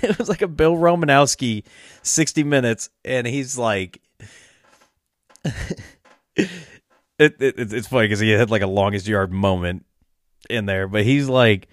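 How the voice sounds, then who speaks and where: A man's voice: medium pitch, a little slow, long pauses, no echo, studio quality. A young man telling a long, rambling story in casual chat, with lots of fillers and swearing, often breaking into laughter.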